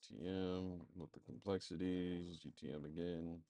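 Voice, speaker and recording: A man with a very low, dark and mellow voice talks through a screen-share walkthrough, thinking aloud as he goes. His delivery is loose and rambling, full of fillers. The sound is dry and close, with no room echo. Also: steady tone, normal speed. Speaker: marketing agency presenter.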